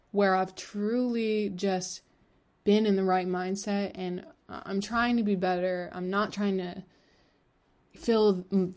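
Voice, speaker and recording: A woman in her twenties hosts a solo podcast at an unhurried pace. Her talk is candid and rambling, full of fillers and casual swearing, and her pitch sits in a middle range. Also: a little mellow. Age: 20s. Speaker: podcast host.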